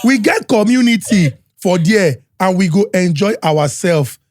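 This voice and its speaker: High-voiced Nigerian man hyping a podcast. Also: a little slow, no room sound, clean studio sound. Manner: energetic, Pidgin-mixed hype man with shouted announcements. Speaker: podcast host. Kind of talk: hyped podcast intro and sponsor reads. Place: podcast studio.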